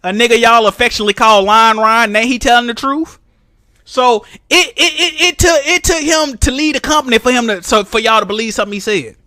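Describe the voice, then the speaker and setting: Loud, mocking streamer man, bright tone. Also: very high-pitched, fairly quick, dry recording, studio quality. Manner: loud, mocking trash talk with frequent laughter. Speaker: streamer host. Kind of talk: casual live-stream banter.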